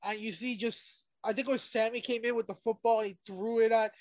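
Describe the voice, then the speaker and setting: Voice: medium pitch, steady tone, brisk, a little mellow, no echo. A podcast co-host in casual chat who rambles, swears and hesitates often.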